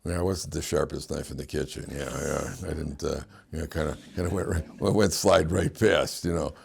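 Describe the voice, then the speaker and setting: A man's voice: very deep voice, moderate pace, gravelly, breathy edge. A man, a rabbi, giving a lecture on the weekly Torah portion, telling homely stories with chuckles and Hebrew terms. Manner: animated, chuckling storyteller, mixes Hebrew terms into English. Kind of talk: lecture with humorous storytelling.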